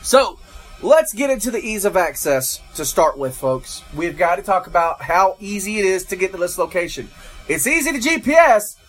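A man's voice: high voice, very animated, normal speed, fairly bright tone, faint music behind. A man from Georgia, hosting a casual food review and chatting to viewers as folks and guys. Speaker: food reviewer, show host.

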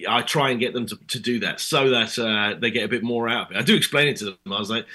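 Bright-voiced British man telling animated stories. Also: medium pitch, fast, few pauses, husky. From Britain. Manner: animated storyteller, acts out both sides of conversations. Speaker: actor guest. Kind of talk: casual interview chat.

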